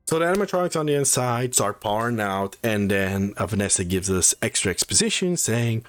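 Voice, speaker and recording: A man's voice: fairly low pitch, very animated, fairly quick. A man giving a casual spoiler review of a movie, swearing often and sounding incredulous as he rambles.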